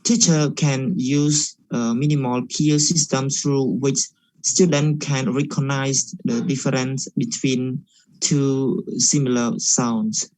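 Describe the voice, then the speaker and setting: A young man presents his part of a class project, moving haltingly through his points with frequent pauses and fillers. His voice sits at an average pitch for a man. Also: fairly even intonation, darkish tone, no room sound, rough recording. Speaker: student presenter.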